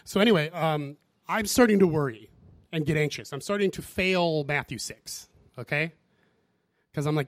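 Man, preacher, storytelling sermon, slightly high voice, acts out dialogue. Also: lively intonation, normal speed, pauses often, no echo. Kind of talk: sermon testimony.

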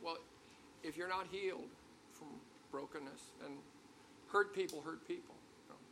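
A man's voice: a little high, normal speed, background noise. An older man preaching a sermon to a congregation, talking conversationally with stories and then building to emphatic peaks. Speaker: pastor.

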